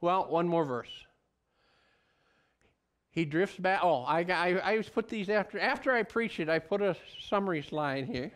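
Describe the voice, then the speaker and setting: A middle-aged male pastor preaching a sermon in an earnest, folksy storytelling way with animated asides. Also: high voice, unhurried.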